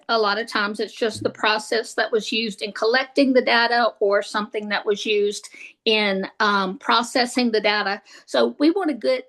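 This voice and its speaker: A woman talks through a recorded statistics lesson. Her voice sits a little high, and she pauses and corrects herself often, filling gaps with "um". The delivery is casual and unpolished. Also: fairly bright tone, low-quality recording. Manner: hesitant, many fillers and restarts. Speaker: statistics instructor. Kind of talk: recorded lecture.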